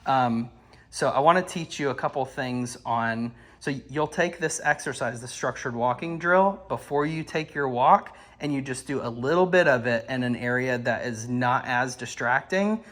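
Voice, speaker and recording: A man working as a dog trainer, coaching an owner outdoors with calm instructions and frequent praise. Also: mid-range voice, moderate pace. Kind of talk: hands-on coaching. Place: outdoors at a house doorway and yard.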